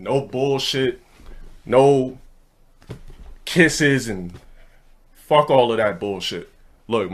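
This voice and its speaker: A young man telling a casual story and ranting bluntly, with plenty of profanity and a brash, hurried delivery. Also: medium pitch, a bit bright. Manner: blunt, profane, brash, speeds up mid-thought. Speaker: streamer.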